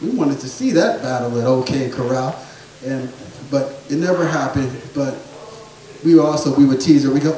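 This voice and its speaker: A man's voice: mid-range voice, moderate pace, mellow. A man doing a stand-up comedy set in a bar, rambling loosely and quizzing the crowd. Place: bar stage at an open-mic show. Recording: echoey bar taped from far off with a crowd.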